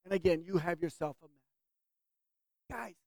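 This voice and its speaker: A woman's voice: on the low side, slow, vocal fry, darkish tone, dry recording. A woman leading a Bible class, teaching the group and asking them questions to draw out answers.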